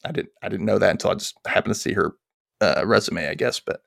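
A male podcast host casually recaps an episode, animatedly performing the characters' lines in raised voices. His voice is lowish and creaky, and he talks fast. The recording is dry and studio quality.

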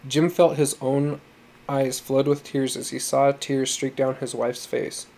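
A man narrating a story in a steady, earnest reading voice. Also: mid-range voice. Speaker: audiobook narrator.

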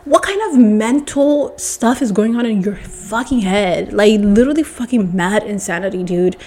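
A woman's voice: medium pitch, moderate pace, darkish tone, slight background noise. A woman ranting to the camera in a casual vlog, swearing often and sounding exasperated. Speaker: vlogger.

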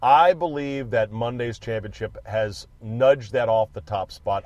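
A man's voice: on the low side, a little slow, hardly any pauses, darkish tone, no echo. A man hosting a sports podcast, chatting casually and needling his guest in a teasing, argumentative way. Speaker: podcast host. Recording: dry, slightly dull sound.

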